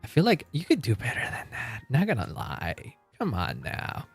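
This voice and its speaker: Lively-voiced male game streamer. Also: medium pitch, normal speed, gravelly, slightly rough, faint music behind. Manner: rambling, self-interrupting, laughs often. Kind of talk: casual live-stream chat.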